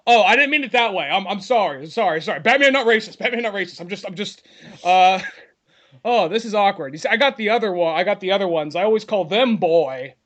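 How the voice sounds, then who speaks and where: A man's voice: high voice, expressive, brisk, fairly bright tone. A man putting on a comic impression of an embarrassed male superhero who stammers through apologies. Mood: sheepish. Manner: stammering, backpedaling.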